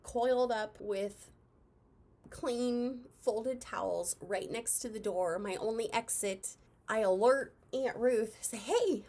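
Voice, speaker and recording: A soft-spoken young woman from Indiana, telling a story in a casual, chatty vlog and sounding a little out of breath. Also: mid-range voice. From Indiana, USA. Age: young adult. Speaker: vlogger.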